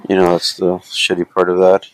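A man's voice: deep voice, completely flat delivery, normal speed, dry recording, low-quality recording. A man chatting casually as a podcast co-host, rambling loosely with lots of fillers and asides. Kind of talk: casual chat.

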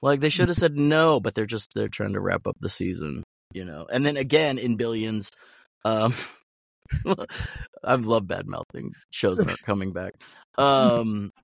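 A man's voice: lowish voice, lively intonation, measured pace, gravelly, dry recording, clean studio sound. A man who works as a voice actor, a guest in a casual chat, ranting bluntly with sardonic, profane jokes.

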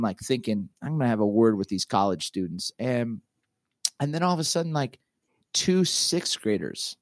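A middle-aged man, a pastor and author, telling a story in a casual interview, talking in an animated, halting way with many fillers and restarts. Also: mid-range voice, no echo, clean studio sound.

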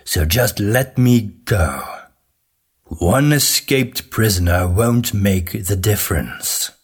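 A gravelly, weary witch hunter, as a male narrator gives him voice, speaking very deep and unhurried with a rough, husky edge. He talks slowly and gruffly, coaxing rather than shouting. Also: expressive. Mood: calm, persuasive. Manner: low, slow and gruff, quietly persuasive.

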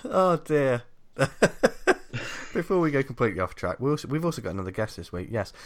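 Lively man hosting a podcast. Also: medium pitch, brisk. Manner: animated, laughs often, teasing. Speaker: podcast host. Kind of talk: casual banter podcast.

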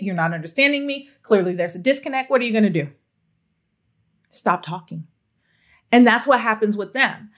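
A woman giving child-speech advice to parents in a solo monologue, talking emphatically and affectionately straight to her listeners. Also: on the high side. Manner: expressive, emphatic, affectionate direct address.

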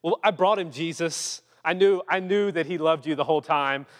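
A man's voice: fairly high pitch, moderate pace, natural voice. A preacher putting on a fawning, fickle crowd man. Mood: gushing. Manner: gushing, sing-song flattery. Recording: long reverb.

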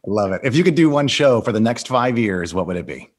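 Upbeat host with a lively voice. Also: male voice, medium pitch, fairly quick. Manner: upbeat, laughs easily. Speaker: interview host. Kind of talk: casual interview, quickfire questions.

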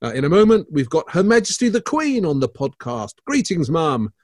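A man hosts an art podcast with a playful, theatrical delivery. His pitch leaps and dips all over as he teases his co-host. The sound is dry and close, with no room around him. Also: big pitch swings, a little fast, a little mellow, dry recording. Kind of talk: bantering podcast chat.

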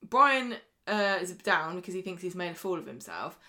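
A woman's voice: fairly low pitch, very animated, normal speed, sharp tone. A woman co-hosting a podcast, recapping a soap in casual chat and laughing often. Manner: chatty, laughs often, acts out characters' lines. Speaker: podcast co-host.

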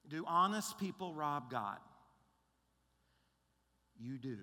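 A man's voice: high voice, expressive, normal speed, bright, forceful tone. A male pastor preaching a sermon in an emphatic, conversational way, often checking in with his listeners. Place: large church auditorium. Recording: long reverb of a large hall.

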